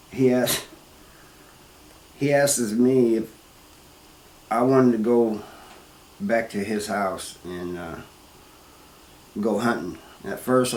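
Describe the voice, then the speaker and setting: Casting note: a man with a lowish voice, plain-spoken and halting, recorded in a roomy space with faint background noise. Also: a little mellow. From Missouri, US. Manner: plain-spoken, halting, with restarts and "you know". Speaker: former prisoner telling his story. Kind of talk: first-person storytelling.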